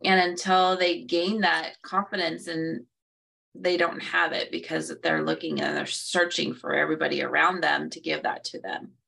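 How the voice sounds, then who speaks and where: A woman's voice: deep voice, steady tone, normal speed, gravelly, sharp tone, husky, far from the mic. A woman co-hosting a casual conversation, who acts out quoted reactions and laughs at herself. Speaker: co-host.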